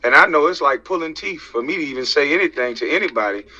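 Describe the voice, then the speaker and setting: A man's voice: a little high, expressive, fast talker, pushed and bright. An American man delivering a heated, profane rant to camera, preaching and firing rhetorical questions. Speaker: social media commentator. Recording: dull lo-fi sound.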